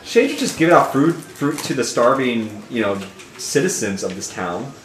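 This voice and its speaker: A man's voice: medium pitch, moderate pace. A man co-hosting a charity game stream, chatting casually and joking while the game plays. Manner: joking, animated, slips into silly voices. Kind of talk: casual gaming stream chat. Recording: echoey room with game music behind.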